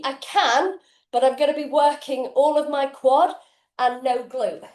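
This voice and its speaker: In an echoey home kitchen, a woman fitness coach demos exercises during a live online workout. Her voice is high and unhurried, and she talks casually, swearing freely while out of breath.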